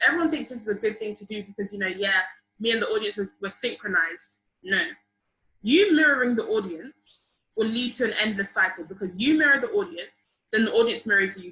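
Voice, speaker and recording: A young woman leading a public speaking workshop over a video call, lively and encouraging, often asking the group questions. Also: mid-range voice. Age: young adult. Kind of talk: online seminar teaching. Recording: roomy video call audio.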